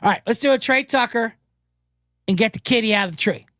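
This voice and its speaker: A man hosting a sports betting show, talking casually and telling anecdotes with quick character voices. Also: very high voice, no echo, studio quality. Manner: animated storyteller, doing quick voices in anecdotes.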